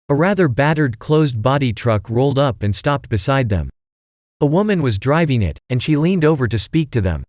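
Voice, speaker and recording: A man's voice: mid-range voice, moderate pace, no room sound. Man narrating an audiobook, dry sound. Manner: steady storytelling. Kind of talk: scripted narration.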